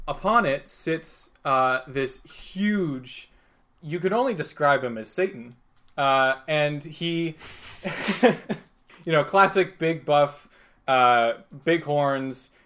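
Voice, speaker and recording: A man's voice: fairly high pitch, fairly bright tone. Laughing casual male game master. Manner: casual, laughing, many fillers. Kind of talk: narrating a tabletop game.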